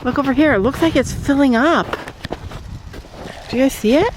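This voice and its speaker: A woman vlogging outdoors on a snowy farm, chatting excitedly to her viewers and often repeating herself. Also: high-pitched, normal speed, long pauses, very noisy. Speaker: vlogger on a family homestead. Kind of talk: casual vlog talk to camera.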